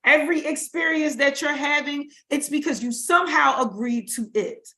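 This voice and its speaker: A woman's voice: high-pitched, normal speed, sharp tone. A woman giving an informal spiritual teaching on a livestream, talking casually and emphatically, repeating phrases for stress. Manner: casual vernacular speech.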